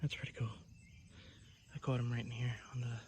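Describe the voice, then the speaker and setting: A man's voice: mid-range voice, level tone, fairly quick, a little mellow. A man on a camping trip, talking casually to the camera and explaining each step as he works. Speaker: outdoor vlogger. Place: outdoors in the wilderness. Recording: outdoor noise in the background.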